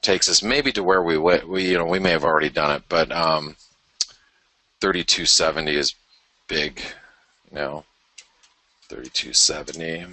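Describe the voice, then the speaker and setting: Man, market show host, casual chart talk, low voice, forceful bright tone, thinks aloud. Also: steady tone, normal speed, pauses often, dry recording. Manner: chatty, self-deprecating, thinking aloud.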